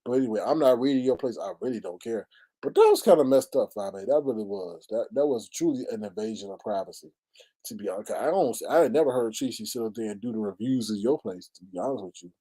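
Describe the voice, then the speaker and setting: A man with runs a casual livestream, throwing out sassy asides to his viewers. His voice sits dark and mellow, but his pitch jumps all over the place, up to high shrieks and laughs. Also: animated, fast talker, husky. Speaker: livestream host.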